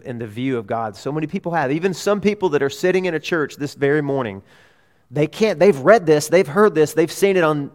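A man preaching a sermon as a pastor, earnest, swelling to emphatic peaks and dropping low. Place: church sanctuary. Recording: long reverb of a hall.

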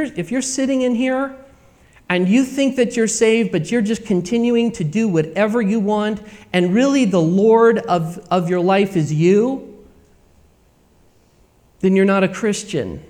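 A man with a high voice delivers a sermon to his congregation. He preaches earnestly and repeats himself, dropping to a hush and then rising to loud emphatic bursts. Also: unhurried. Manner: earnest, repetitive preaching with dramatic swings in loudness. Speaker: pastor.

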